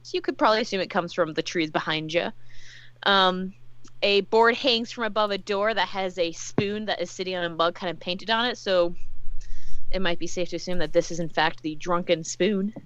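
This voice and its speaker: A woman's voice: on the low side, moderate pace, fairly bright tone, no echo. A woman running a tabletop game as game master, describing scenes in loose narration with many fillers. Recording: dull lo-fi dry sound.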